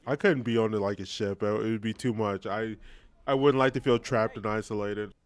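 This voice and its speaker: Smooth-voiced man joking through a reaction video. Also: on the low side, steady tone, moderate pace, no room sound. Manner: joking, laughs often, swears casually. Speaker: co-host reacting to a show. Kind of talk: casual reaction chat.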